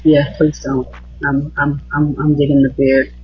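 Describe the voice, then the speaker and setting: A woman's voice: sits low, level tone, measured pace, soft background music. A woman in her late thirties co-hosting a casual celebrity chat, gushing and exclamatory. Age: late 30s. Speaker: podcast co-host. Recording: dull lo-fi recording.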